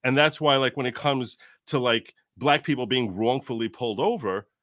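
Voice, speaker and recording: A man on a casual podcast, explaining his view in a measured way. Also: medium pitch, a bit bright, dry recording, clean studio sound.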